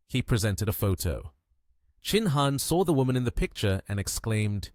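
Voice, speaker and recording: A man's voice: medium pitch, very animated, moderate pace, a little mellow, dry recording, studio quality. A man narrating a story recap in a scripted, storytelling way.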